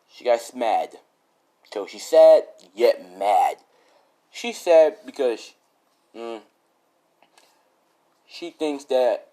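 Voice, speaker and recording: A man's voice: mid-range voice, dark tone. A young man casually improvising a fan story, rambling and laughing at his own jokes.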